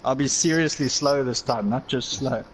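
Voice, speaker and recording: A man's voice: medium pitch, normal speed, slight background noise, low-quality recording. A man co-hosting a racing livestream, chatting in a laid-back way with short remarks. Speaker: race streamer, co-host. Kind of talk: casual livestream chat.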